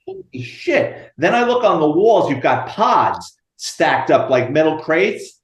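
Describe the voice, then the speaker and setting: A retired police detective, telling profane, animated stories in an interview. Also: male voice, on the high side, measured pace, echoey room. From United States. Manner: animated, profane storyteller acting out dialogue. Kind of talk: storytelling interview.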